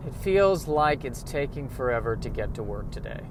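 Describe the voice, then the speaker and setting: A man's voice: mid-range voice, sing-song. Rambling man talking in a car. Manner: halting, self-mocking, full of restarts. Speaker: podcast host. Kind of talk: rambling solo podcast monologue. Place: inside a car on the way to work. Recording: road noise from a moving car.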